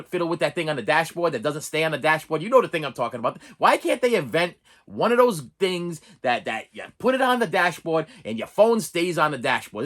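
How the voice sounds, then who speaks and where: A man hosting a review channel in a casual, chatty vlog, talking in animated, rambling asides with frequent restarts. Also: on the high side.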